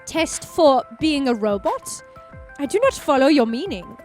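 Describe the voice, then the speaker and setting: A woman's voice: sits high, very animated, a little slow, soft background music, pitched above the performer's own voice. A woman voicing a pair of stiff, formal German men in a put-on German accent, with stilted and overly polite phrasing. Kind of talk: let's play character voicing.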